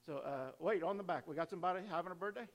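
Chatty pastor with a higher voice. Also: male voice, rapid-fire. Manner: casual, chatty, laughs easily, restarts. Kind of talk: church announcements and offering. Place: church sanctuary.

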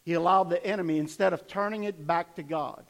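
A man delivers a sermon in a high, light voice. He acts out scripture with dramatic swings between loud emphasis and hushed intensity. He talks to the congregation directly. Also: brisk, gravelly. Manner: dramatic retelling with rising and falling intensity. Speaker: pastor.

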